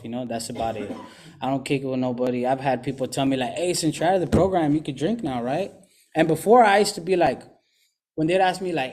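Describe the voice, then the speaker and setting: A man's voice: mid-range voice, fast, a little mellow. A young man talking casually and candidly about his recovery, in rambling slangy speech full of "you know". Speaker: recovering addict sharing his story.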